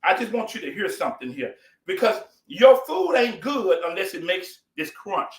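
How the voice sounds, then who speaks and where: A man's voice: high voice, very animated, moderate pace, roomy sound, poor audio. A man hosting a casual live cooking stream, folksy and effusive, greeting his viewers by name.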